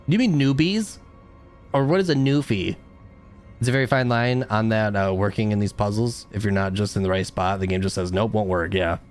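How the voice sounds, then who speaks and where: A young man doing live game commentary as a streamer, chatting with viewers and breaking into frustrated outbursts. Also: a little high. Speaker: gaming streamer.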